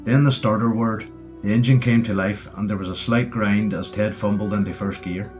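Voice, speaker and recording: A man narrating a war story audiobook in a steady storytelling manner. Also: fairly low pitch, moderate pace. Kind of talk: scripted narration. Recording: dull lo-fi audio with faint music.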